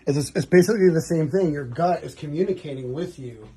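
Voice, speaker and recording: A man's voice: fairly high pitch, fast, dark tone. A man in his forties, a tattoo artist, chatting casually and telling a rambling story with many restarts while he works.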